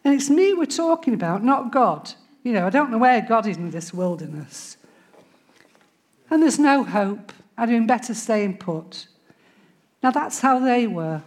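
A woman's voice: fairly high pitch, lively intonation, measured pace, darkish tone. Woman preaching a conversational sermon. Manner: conversational, playfully acts out grumbling voices.

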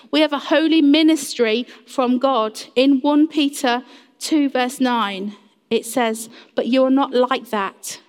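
Woman, preacher, earnest sermon, talks straight to the congregation, somewhat high voice. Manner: earnest, acts out little quoted voices, addresses the congregation directly. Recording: long reverb of a large hall.

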